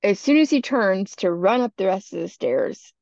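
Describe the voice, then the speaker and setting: A woman's voice: mid-range voice, lively intonation, normal speed, darkish tone, no room sound. A woman hosting a podcast and telling a creepy story in a chatty, casual way, full of "you know" asides. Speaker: podcast host. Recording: dull lo-fi dry podcast recording.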